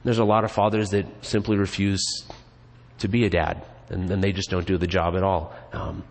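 A pastor delivers a casual, joking sermon in a conversational style inside a church sanctuary, his words trailing long reverb through the hall. He speaks in a low, level voice at a moderate pace.

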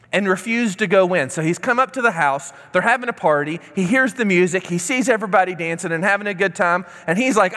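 Male preacher, high voice, conversational scripture teaching, long hall reverb. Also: a bit bright. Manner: reads scripture aloud, then explains it conversationally. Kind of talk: sermon.

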